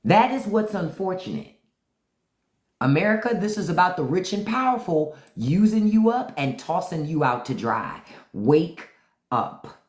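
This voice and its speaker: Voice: medium pitch, very animated, a little slow, a little mellow. A livestream host giving unscripted commentary in a blunt, profane, ranting way. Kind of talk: unscripted live-stream commentary. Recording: roomy echo.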